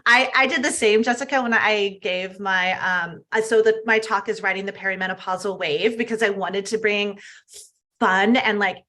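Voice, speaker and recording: A woman health coach talking as a podcast guest, emphatic and animated, often tagging her points with "right?". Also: medium pitch, moderate pace. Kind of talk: casual podcast interview.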